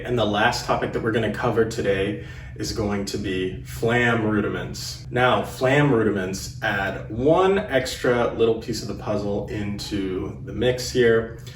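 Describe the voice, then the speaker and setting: A young man teaching drum rudiments, counting the sticking aloud slowly and encouraging the learner. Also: lowish voice, a little hiss or hum. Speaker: drum instructor. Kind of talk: instructional lesson.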